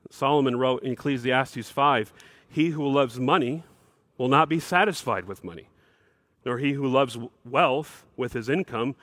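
A man's voice: normal speed, fairly bright tone, dry recording. Man preaching emphatically, dry close sound. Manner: emphatic preaching, rising to bursts of higher pitch. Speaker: pastor. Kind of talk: sermon.

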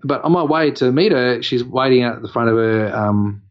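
A man's voice: mid-range voice, normal speed. Picture an Australian man spinning a long anecdote in casual chat, voice sitting in a middling register. He wanders, restarts and fills gaps with "um" as he goes. The sound is a little dull and lo-fi. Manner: rambling anecdotal, many fillers and restarts. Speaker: podcast co-host.

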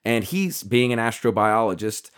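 A man's voice: on the low side, animated, moderate pace, fairly bright tone, clear, resonant tone. A man co-hosting a podcast, explaining a book's ideas in a rambling casual chat with many fillers and restarts. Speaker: podcast co-host.

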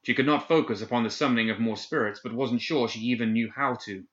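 A man narrating a dark fantasy story in a measured, dramatic reading. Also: medium pitch, echoey room. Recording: dull lo-fi recording.

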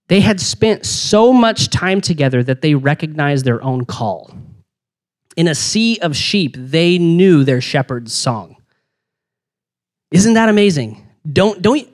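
Energetic rambling young male youth pastor. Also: high voice. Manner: energetic, rambling, slangy with many restarts. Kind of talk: casual youth sermon.

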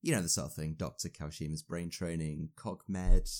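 A man's voice: low-pitched, fairly even intonation, fairly quick, a little mellow. A young man, a university student, chatting casually and rambling a little with fillers. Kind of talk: casual podcast chat.

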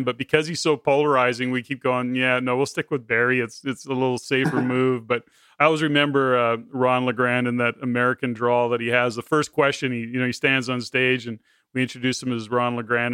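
A man with a bright, forceful voice hosts a podcast in long, winding turns that loop back and restart. He sounds close and dry, with no room around him. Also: medium pitch, clean tone, no echo. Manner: rambling, with many restarts. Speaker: podcast host. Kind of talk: conversational podcast interviewing.

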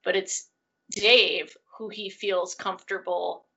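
A woman with a bright, gravelly voice talks through a film on a casual podcast. She analyses it in a thoughtful, animated way. The audio is dull and lo-fi. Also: mid-range voice, slow. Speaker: podcast co-host.

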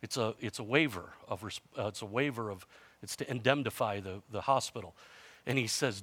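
A man's voice: fairly low pitch, brisk, a bit bright, slightly rough. A man in his fifties preaching a sermon in a conversational storytelling way, with self-mocking humor and frequent restarts. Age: 50s. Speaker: pastor.

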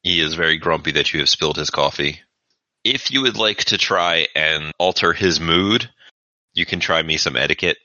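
As the game master of a tabletop game, a man narrates casually in a very low voice that is bright and forceful. He speaks at normal speed, and the dry, dull, lo-fi podcast-style audio has no echo.

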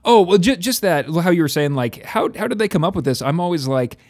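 A man's voice: a little high, lively intonation, fairly quick, a little mellow. A man co-hosting a podcast in casual chat, rambling through his thoughts. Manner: rambling, lots of "like" fillers. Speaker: podcast co-host.

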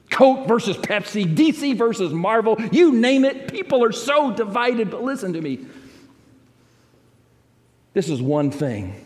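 A man preaching a sermon as pastor, dramatic, moving between loud emphatic lines and hushed ones. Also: high-pitched, big-room sound.

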